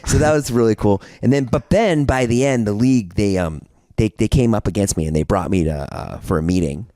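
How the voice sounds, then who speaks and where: A man's voice: lowish voice, a little fast, dark tone, dry recording, clean studio sound. A young man on a podcast telling a long story in casual chat, rambling with lots of fillers and restarts. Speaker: podcast guest.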